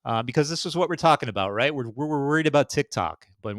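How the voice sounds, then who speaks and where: A man's voice: medium pitch, expressive, quick pace, no echo. A man commenting casually while reading through a web page, rambling, swearing and correcting himself as he goes. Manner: rambling, profane, self-correcting.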